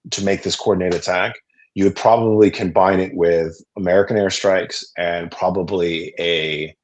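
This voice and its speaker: Male guest, deep voice, ex-special ops, measured and careful in interview. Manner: deliberate, pauses to weigh words. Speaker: guest, former special operations soldier.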